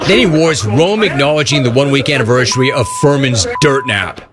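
A man's voice: medium pitch, animated, fairly quick. A man hosting sports talk radio, telling a rambling, jokey story and acting out the voices in it. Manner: rambling, jokey, acts out the voices in his stories.

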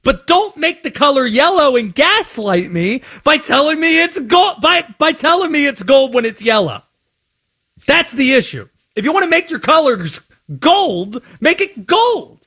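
A man hosting a sports talk radio show, ranting playfully about team colors in a studio. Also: extremely high pitch. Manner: animated, playful rants.

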